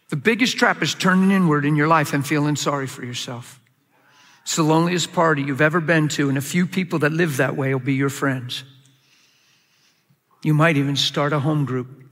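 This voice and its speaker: Bright-voiced man preaching in a hall. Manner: emphatic, rising to high excited bursts. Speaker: pastor. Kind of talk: sermon.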